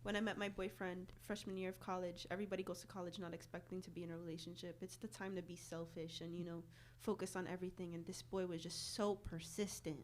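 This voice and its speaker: A woman's voice: lowish voice, level tone, quick pace, few pauses, slight background noise. A young woman singer talking casually between songs, laughing and telling the story behind a song at an in-the-round show. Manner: giggly, chatty storytelling. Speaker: singer-songwriter. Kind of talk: casual stage banter.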